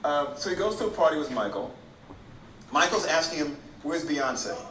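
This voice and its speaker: A man's voice: on the high side, expressive, moderate pace, bright, forceful tone. A man telling stories in an interview clip, conversational with restarts. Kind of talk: interview storytelling. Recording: echoey, from far off, faint hiss.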